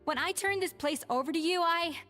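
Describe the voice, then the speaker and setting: A woman's voice: very high-pitched, brisk, bright, forceful tone, soft background music. An actress playing a poised former head chef in a game, cool and cutting in her remarks.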